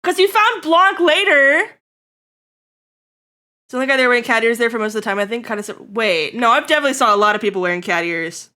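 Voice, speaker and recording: Bright high-voiced giggly streamer woman. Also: fast talker, long pauses, smooth. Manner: giggly, playful, swears, mock-angry rants. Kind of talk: casual live-stream chat with viewers.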